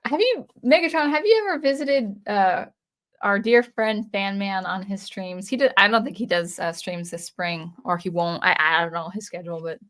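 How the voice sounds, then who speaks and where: A woman's voice: medium pitch, moderate pace, fairly bright tone. Chatty woman streamer, rambling. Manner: rambling, with many fillers and restarts. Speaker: channel host on a livestream. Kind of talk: casual livestream chat reading viewer comments.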